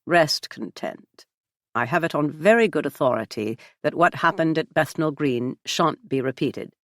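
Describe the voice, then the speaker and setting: A stiff, wry elderly spymaster speaks in clipped, formal sentences with dry understatement, as a woman narrator puts him on. The voice sits low. The audiobook recording is dry and close, with no room sound. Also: normal speed, no echo. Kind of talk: audiobook character voice.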